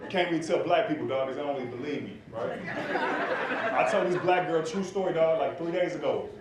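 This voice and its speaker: A man doing a stand-up comedy set, telling a loud, profane story and acting out other people's lines. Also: a little high, fast talker. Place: comedy club stage. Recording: echoey club with loud crowd.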